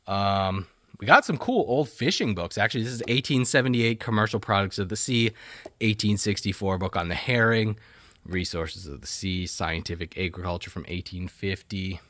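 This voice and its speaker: Man, low voice, dry close sound, bookstore owner giving a brisk walking tour, lists titles nonstop. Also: fairly bright tone, no room sound. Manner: rapid listing, hums filler tunes. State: out of breath.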